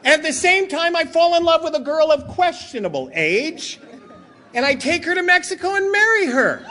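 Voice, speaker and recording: A man's voice: very high voice, sing-song, pushed and bright. A middle-aged man telling funny stories to a convention crowd, joking and acting out what friends said. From Southern California. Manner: quick, joking delivery, acts out voices of friends. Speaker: speaker at a recovery convention. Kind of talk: comedic storytelling talk. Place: large hotel meeting hall.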